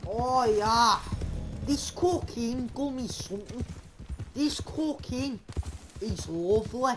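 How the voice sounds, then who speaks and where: A young man with a put-on Scottish accent, voicing a brash, foul-mouthed outlaw in a game role-play, rough and swaggering. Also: very high-pitched, slow, slight background noise. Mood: dazed. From England. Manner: rough, swaggering, swears a lot.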